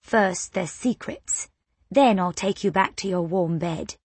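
A woman voicing an eerie, teasing winged boy with a soft Cockney accent. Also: mid-range voice, slow, husky, no room sound. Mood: coaxing. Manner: soft, rustling voice.

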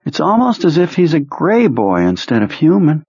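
A sick, despairing man voiced by a male narrator speaks in a strained, gasping voice pitched well above the reader's own. His husky tone is slow and drawn out with pain. The muffled lo-fi audiobook recording is dry. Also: huge pitch swings, darkish tone, dry recording, exaggerated voice. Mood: pained, weary. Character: sick, despairing middle-aged man, weak and pained.

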